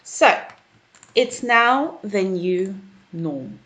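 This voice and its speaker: A woman's voice: mid-range voice, expressive, extremely slow, a bit bright. A woman with a British accent teaching an online English grammar lesson, chatty and checking in with her viewers, typing as she explains. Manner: chatty, checks in with "okay?" and "guys".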